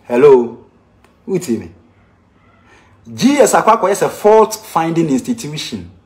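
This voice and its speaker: A Ghanaian-accented man speaking as a teacher airing a grievance. His voice sits a little high for a man and swings widely in pitch, pressing his points with repeated rhetorical questions. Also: very animated, measured pace, a little mellow. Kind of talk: impassioned complaint to camera.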